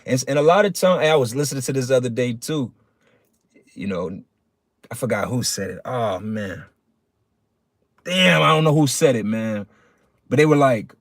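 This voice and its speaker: A man with a fairly high voice preaches a casual livestream sermon in plain street talk. He keeps calling his listeners "man". His voice sounds dry and close, with no room echo. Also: expressive, normal speed, long pauses.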